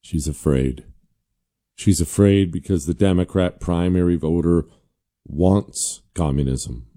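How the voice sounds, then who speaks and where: A man's voice: low voice, slow, mellow. A man hosting a talk show, giving casual political commentary with sarcastic asides. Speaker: host.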